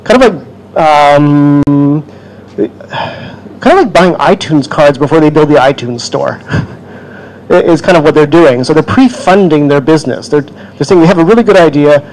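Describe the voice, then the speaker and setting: A man with a slightly high voice answers an audience question at a town hall. He explains quickly and informally, with everyday comparisons. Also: lively intonation, darkish tone. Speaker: panelist.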